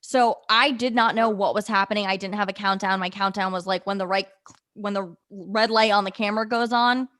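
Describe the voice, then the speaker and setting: A woman's voice: mid-range voice, fairly even intonation, fairly quick, fairly bright tone. A young woman, a guest on a podcast, telling a story casually and acting out quoted dialogue with lots of fillers. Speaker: podcast guest, former in-game host.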